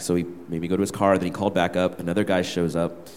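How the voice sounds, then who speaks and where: A man's voice: low voice, flat delivery, fast, a little mellow, slight background noise. A young man, a worship leader, candidly telling a personal story to his church gathering. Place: church hall. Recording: reverberant hall.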